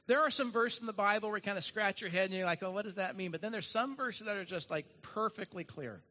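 A male pastor delivering a sermon with earnest, emphatic conviction. His voice sits high and rings bright and forceful, and he leans on repeated refrains to drive points home. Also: quick pace.

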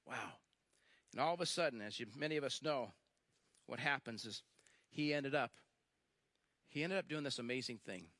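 Animated, bright-voiced male preacher. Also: medium pitch, no echo. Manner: animated storytelling, acts out quoted lines; emphatic, repeats phrases, slows for stress. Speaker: pastor. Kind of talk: sermon.

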